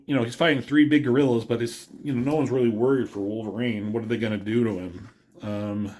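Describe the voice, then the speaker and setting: A man reviewing a comic book in a loose, rambling way, with lots of fillers and a chuckle now and then. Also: mid-range voice. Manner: rambling, filler-heavy, chuckles at his own jokes. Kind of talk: casual video review.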